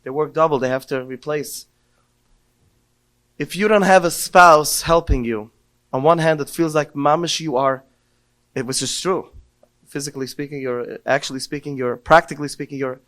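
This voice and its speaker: Speaking at a moderate pace, this middle-aged man has a fairly high, fairly bright voice. On his podcast he delivers a heartfelt Torah talk full of stories, crying out with emotion as he quotes prayers.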